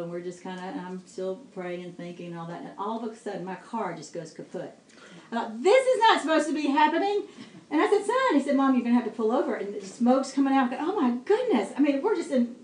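A middle-aged woman giving a devotional talk, telling a personal story with lively quoted dialogue and laughing asides. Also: medium pitch, a little hiss or hum. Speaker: speaker sharing testimony. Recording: echoey room with faint ambience.

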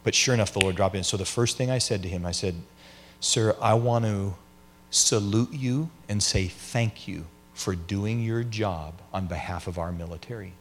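Casting: male pastor with a very low voice, relaxed storytelling, faint hum behind. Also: normal speed. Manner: storytelling, conversational, acts out quoted voices. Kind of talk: teaching session with audience questions.

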